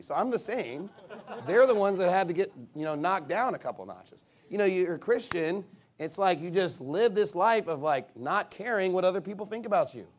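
A man preaching a casual, conversational sermon, telling stories and mimicking other people's reactions. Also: high voice. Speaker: pastor.

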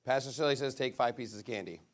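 A man's voice: medium pitch, fast. A man preaching a sermon as pastor, playing a call-and-response game with children and talking playfully to the congregation. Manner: lively, playful with kids, calls out to the crowd.

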